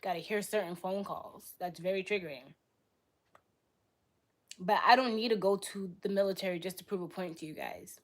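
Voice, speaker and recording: Blunt young woman arguing on a livestream. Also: mid-range voice. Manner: blunt, argumentative, rapid-fire retorts. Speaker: livestream host. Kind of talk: live stream debate reading chat.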